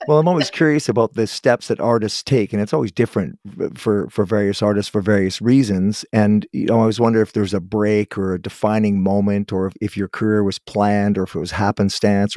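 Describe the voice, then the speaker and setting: Low, mellow-voiced male host. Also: no echo, studio quality. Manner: supportive, brief affirmations, long rambling questions. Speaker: podcast host. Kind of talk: casual interview.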